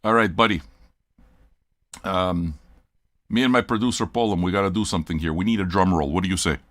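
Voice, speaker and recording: A man's voice: sits low, fairly quick, fairly bright tone, slight background noise. An older man hosting a record-listening show, talking in a blunt, profane, rambling livestream rant.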